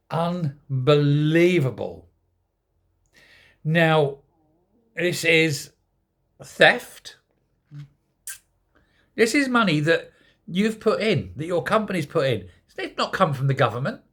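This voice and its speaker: A man's voice: fairly high pitch, fairly bright tone, slightly rough. An older man giving a scornful, sarcastic opinion rant as a political commentator.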